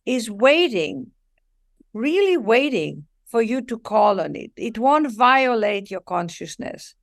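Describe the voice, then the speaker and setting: A woman talks as a guest author on a spiritual show. Her voice sits slightly high, and she stretches key words for emphasis. She often stops to act out small quoted conversations. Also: creaky. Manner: expressive, lingers on key words, acts out little dialogues. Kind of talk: warm spiritual interview talk.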